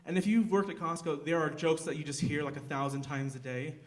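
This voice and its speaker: A man's voice: on the high side, brisk. A young man doing a live stand-up set, rambling and self-deprecating, with lots of fillers and restarts. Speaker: stand-up comedian. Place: theater stage.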